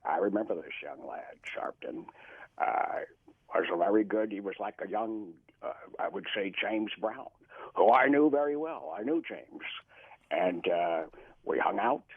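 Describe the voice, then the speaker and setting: A man's voice: fairly low pitch, lively intonation, a little slow, slightly rough, no room sound, heavily acted. A man doing an impression of an elderly former president, rambling and self-justifying as he calls in. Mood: reminiscing. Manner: rambling, mumbling, with a wistful boast. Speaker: impressionist caller. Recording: phone-like, narrow telephone line.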